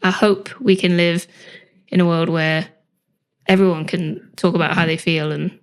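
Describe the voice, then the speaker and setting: A woman's voice: on the low side, steady tone, normal speed. A woman, a singer and vocal coach, making her case earnestly in a podcast chat. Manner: earnest, persuasive, questioning.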